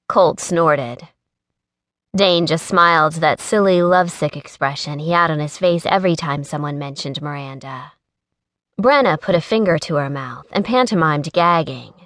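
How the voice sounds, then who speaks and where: A woman narrating a contemporary romance audiobook in a smooth, even storytelling manner on a close studio mic. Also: low voice, moderate pace, dry recording.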